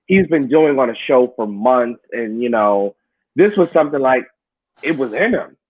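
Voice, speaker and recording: A man, a wrestler, talking in a casual interview, telling animated stories and laughing along the way. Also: mid-range voice, normal speed, dry recording, narrow, tinny audio. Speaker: wrestler guest.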